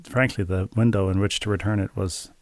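Deadpan man with a low gravelly voice. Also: brisk, no room sound. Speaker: podcast co-host, father. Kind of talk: casual chat.

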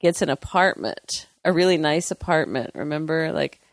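Creaky-voiced woman telling stories chattily. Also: sits low, animated, normal speed, no echo, studio quality. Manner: chatty storyteller, acts out quotes. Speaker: podcast co-host. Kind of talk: casual chat.

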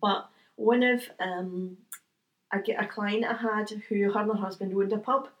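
A middle-aged woman with a Scottish accent, a medium, telling lively anecdotes in a casual interview, acting out the voices of people in her stories and laughing often. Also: medium pitch, a little slow, dull audio. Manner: chatty, animated anecdotes with quoted voices and laughter. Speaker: guest, medium.

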